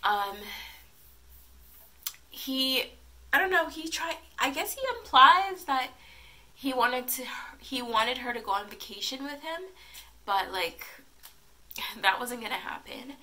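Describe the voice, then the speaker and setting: Congested young woman, bright chatty vlog. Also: on the high side. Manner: opinionated, lots of "like" and "um" fillers. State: congested from a cold. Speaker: YouTube recap vlogger. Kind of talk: casual chatty recap.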